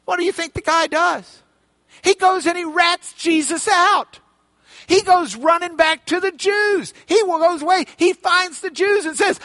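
A man preaching a sermon, retelling a Bible story with animated storytelling and playful character voices. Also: very high-pitched, unhurried, no echo.

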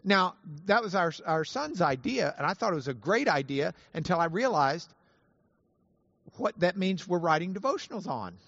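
A man teaching a Bible lesson to an audience, animated and playful, spelling out Hebrew words slowly. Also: high voice, gravelly, no echo, highs cut off. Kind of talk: lively teaching talk to an audience.

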